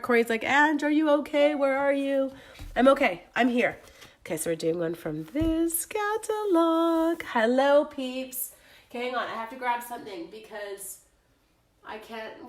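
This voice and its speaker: Sick with a cold, a woman hosts a casual live crafting stream, sounding flustered and chatty as she talks to viewers and moves away from the camera. Her voice is on the high side with a fairly bright tone.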